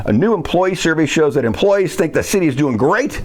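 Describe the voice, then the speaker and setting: A man's voice: a little high, lively intonation, fairly quick. A man sarcastically recapping a city council meeting in a casual monologue, mimicking the speakers as he quotes them.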